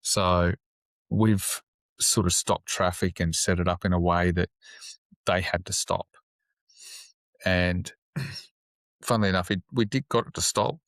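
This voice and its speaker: This police officer's low voice keeps a fairly even intonation with a somewhat bright tone as he tells a podcast story. He's casual and halting, uses lots of fillers and restarts, swears easily, and the recording is dry.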